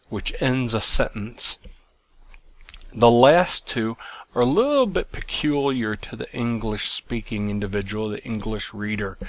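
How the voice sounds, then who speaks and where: A man teaching a recorded lesson, explaining in a plain, measured way with some fillers and restarts. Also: fairly low pitch, no echo. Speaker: Greek teacher.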